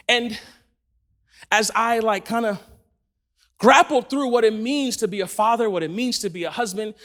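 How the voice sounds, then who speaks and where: High-pitched la guy preaching, super animated, bouncy voice, laughing a lot. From Los Angeles. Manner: animated storytelling, laughing often. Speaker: church speaker. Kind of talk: sermon. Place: church in front of a congregation.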